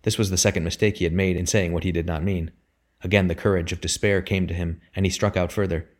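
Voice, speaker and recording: A man reads a period novel aloud in a deep, low-pitched voice. His delivery is measured and steady, in the manner of a careful storyteller. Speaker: audiobook reader. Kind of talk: scripted narration.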